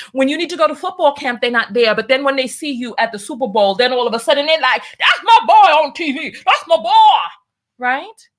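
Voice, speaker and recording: A woman's voice: fairly high pitch, fairly bright tone. A woman hosting a casual commentary show, talking wryly with rhetorical questions and reading out viewer donations. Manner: talkative, wry, rhetorical questions. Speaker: show host.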